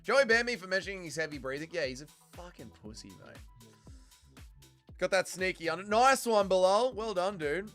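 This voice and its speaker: Excitable, swearing male livestream host. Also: on the high side, moderate pace, faint music behind. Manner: excitable, profane, yells at the fighters. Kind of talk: live fight watch-along commentary.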